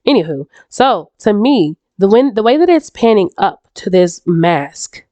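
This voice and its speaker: A woman's voice: mid-range voice, sing-song, measured pace, mellow, dry recording. Stuffy-voiced woman rambling through theories. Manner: rambling, restarts often, chuckles. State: stuffy, congested, sore throat. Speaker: YouTube reaction creator. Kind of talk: casual theory chat.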